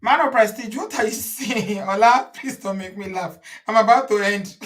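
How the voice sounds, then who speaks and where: A woman's voice: fairly high pitch, animated, fairly quick, hardly any pauses. A woman with a Nigerian accent, hosting a casual live stream, reading viewer comments aloud and slipping into pidgin and Yoruba. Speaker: host.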